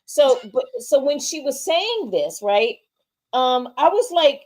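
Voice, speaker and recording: Woman ranting about a movie on an online review stream, high voice, acts out her reactions. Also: very animated, takes it slowly, a little mellow. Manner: emphatic and opinionated, acts out her reactions in quotes. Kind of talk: casual movie review chat. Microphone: streamed online call.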